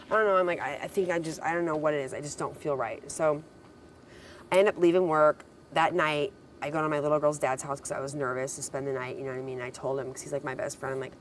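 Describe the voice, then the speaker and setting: Speaking fast in a low voice with fairly even intonation, a young reality show contestant rambles through a long personal story in casual chat. She leans constantly on "like" and acted-out "I'm like" quotes, with slight background noise behind her.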